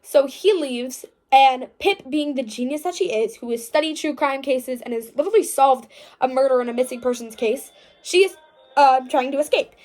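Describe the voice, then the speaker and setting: A woman's voice: high voice, normal speed, a little mellow. A young woman vlogging a casual book recap, chatty and gushing, full of "like" fillers and dramatic mock outrage.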